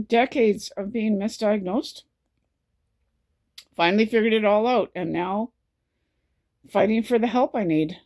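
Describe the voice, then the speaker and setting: A woman talking to camera in a personal vlog, exhausted from no sleep, close to tears, with halting, repetitive speech. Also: mid-range voice, a little mellow.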